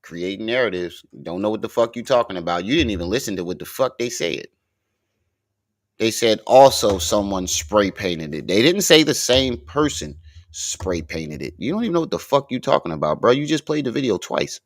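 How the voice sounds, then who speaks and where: A man riffs on clips for his stream in a mocking, argumentative way, swearing freely. His voice leaps up and down in pitch as he argues. The sound is dry and close. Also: sing-song, normal speed, no room sound. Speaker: commentary streamer. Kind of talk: profane reaction commentary.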